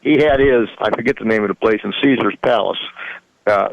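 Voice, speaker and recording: A man's voice: lowish voice, fairly quick, gravelly, no echo, muffled recording. A man in his sixties, a radio show guest, telling rambling stories in folksy grammar and chuckling often. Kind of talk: casual storytelling.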